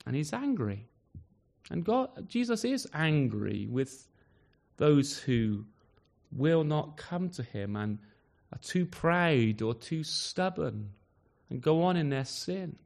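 A man's voice: a little high, big pitch swings, takes it slowly, gravelly. A man preaching a sermon at an evening service, emphatic, often closing points with rhetorical tag questions like "isn't he?".

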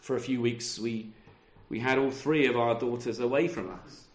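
A man's voice: medium pitch, steady tone, moderate pace, echoey room. A middle-aged man preaching a sermon over a video call, talking conversationally and often ending with tag questions. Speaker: pastor.

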